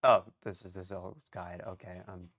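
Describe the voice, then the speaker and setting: A young man live-streaming his language study, rambling and thinking out loud, often muttering to himself and restarting sentences. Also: deep voice, flat delivery, normal speed. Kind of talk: casual live-stream chatter.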